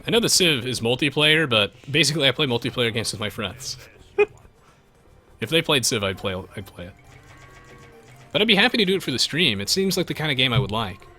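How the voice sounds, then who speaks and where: A man's voice: mid-range voice, fairly quick, pauses often, soft background music. A man live-streaming a strategy game, chatting to viewers and reading their messages. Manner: animated, chatty, jumps between game and viewers. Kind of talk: live gameplay commentary, reading chat.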